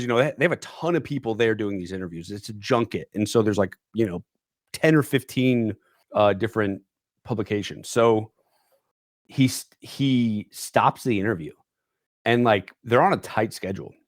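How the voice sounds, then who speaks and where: A young man guests in a podcast studio, spinning a rambling, casual story packed with "like" and "dude." His lowish voice moves at a moderate pace, recorded with studio quality and no echo.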